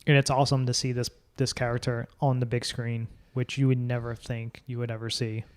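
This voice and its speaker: A man's voice: medium pitch, level tone, fairly quick, clear, resonant tone. A man co-hosting a podcast, chatting casually about films and swearing freely. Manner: swears freely, offhand film commentary. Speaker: podcast co-host. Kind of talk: casual chat.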